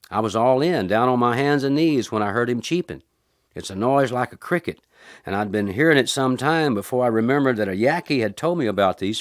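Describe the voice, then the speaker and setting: A man's voice: medium pitch, no echo, clean studio sound, pitched above the performer's own voice, natural voice. A man voicing an easygoing, tough desert drifter in a folksy drawl.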